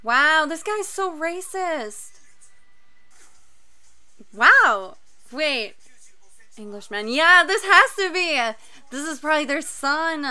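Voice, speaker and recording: A young woman doing a casual anime reaction, excitable and quick to gasp and shriek. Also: high-pitched. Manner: excitable, gasping and shrieking in surprise.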